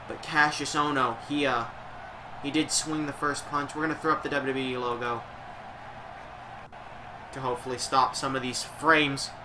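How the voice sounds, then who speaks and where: A man's voice: mid-range voice, pushed and bright, a little hiss or hum. A young man livestreaming a wrestling game, joking and swearing casually as he commentates. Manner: joking, profane, rambling. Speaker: streamer and commentator.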